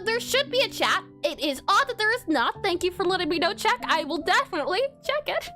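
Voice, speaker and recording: A woman's voice: very high voice, very animated, brisk, hardly any pauses, sharp tone, soft background music. A woman streaming herself drawing pixel art, chatting casually with viewers and giggling often between fillers. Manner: giggly, bubbly, many fillers. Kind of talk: casual live-stream chat while drawing.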